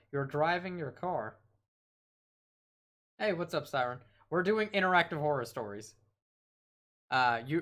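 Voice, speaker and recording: A man's voice: medium pitch, a bit bright. A man streaming a horror game, reading its text aloud and dropping wry asides, sometimes tripping over his words.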